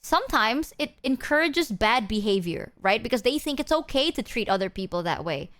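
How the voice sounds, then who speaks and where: A woman's voice: fairly high pitch, lively intonation, normal speed, a bit bright. A young woman streamer chatting casually with her viewers, rambling and self-deprecating, swearing freely and acting out people she quotes. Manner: quotes people in exaggerated put-on voices.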